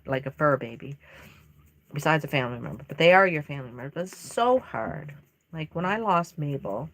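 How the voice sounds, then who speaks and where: Low-voiced woman chatting on a livestream. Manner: rambling, emotional, many fillers. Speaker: reborn doll artist livestreaming. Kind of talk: casual live-stream chat while painting. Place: home craft room.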